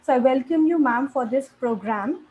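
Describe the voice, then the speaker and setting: A woman's voice: high-pitched, normal speed, darkish tone, lo-fi sound, a little hiss or hum. A woman host, formally reading a guest introduction over a video call. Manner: formal, reads an introduction, polite.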